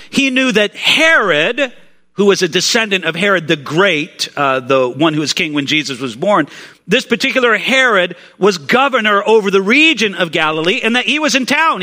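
A man's voice: high voice, bright, forceful tone. A man preaching a sermon in a conversational storytelling way, often restarting his sentences. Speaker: pastor. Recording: long reverb of a large hall.

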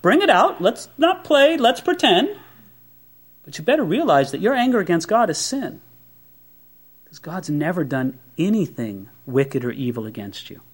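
A man preaching a sermon as a pastor, conversational and animated, with many rhetorical questions. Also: high voice, moderate pace, slightly rough.

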